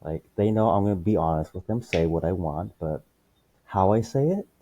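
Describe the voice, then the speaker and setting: Blunt, husky low-voiced man. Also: moderate pace, mellow. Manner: blunt, matter-of-fact. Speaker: teacher, podcast guest. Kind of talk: casual conversational interview.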